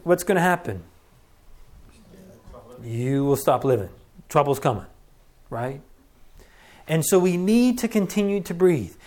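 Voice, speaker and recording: Middle-aged guy preaching, talky and earnest, kinda high voice. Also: a little mellow. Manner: earnest, conversational, acts out breaths and gasps. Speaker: pastor. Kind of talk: sermon.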